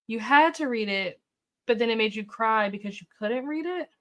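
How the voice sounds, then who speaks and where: Chatty woman, bright higher voice. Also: lively intonation, moderate pace. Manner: chatty, upbeat, reacts to comments with ooh and okay; thinks aloud with fillers. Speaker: booktube livestream host. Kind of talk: casual live chat with viewers.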